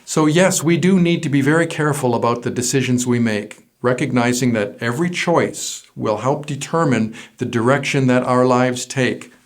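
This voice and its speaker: A man of middle pitch preaching a sermon to his congregation. He speaks in a measured, deliberate way and pauses to stress key words one at a time. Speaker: pastor.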